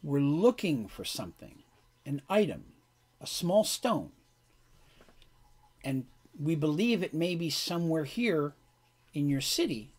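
A man voicing a calm, diplomatic young woman adventurer who speaks earnestly and reassuringly. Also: a little high, slow, long pauses, heavily acted. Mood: pleading.

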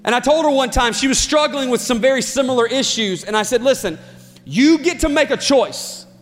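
A man preaching a sermon as pastor, impassioned and building to shouts. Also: extremely high pitch, expressive, brisk. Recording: long hall reverb with faint music.

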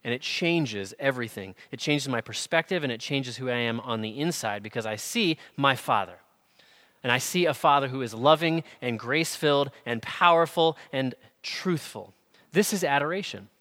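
A man preaching a sermon as pastor, earnest, rising loud on emphasis and dropping soft on key words. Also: mid-range voice, expressive, normal speed. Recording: long hall reverb.

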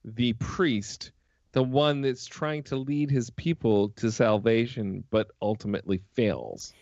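A man's voice: mid-range voice, slow pace, darkish tone, no echo, muffled recording. A man co-hosting a casual movie podcast, joking and teasing the others. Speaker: podcast co-host.

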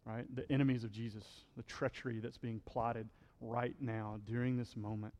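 A male pastor preaching a sermon in a relaxed, conversational way, often checking in with the congregation and acting out the quotes he reads. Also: mid-range voice, moderate pace, big-room sound. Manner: conversational preaching, frequent "right?", acts out quotes.

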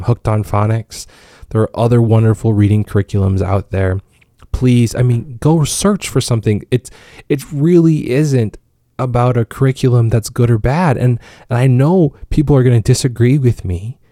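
Speaking at a medium pitch with a dark tone, this father of five in his thirties talks casually about raising kids. The monologue rambles, full of fillers and restarts, and the studio recording is clean with no room sound.

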